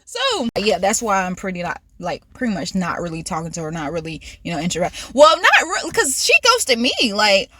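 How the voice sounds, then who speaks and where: A woman's voice: on the low side, very animated, brisk, few pauses, sharp tone, breathy edge, no echo. A woman in her twenties telling a casual, rambling story from her car and laughing often. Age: 20s. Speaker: vlogger.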